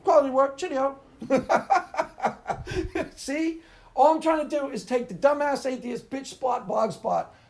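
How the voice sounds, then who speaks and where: A man's voice: very high-pitched, animated, slow pace, vocal fry, pauses often, a little mellow. A man hosting his own video, ranting casually and rambling, often laughing at his own jokes. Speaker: video host.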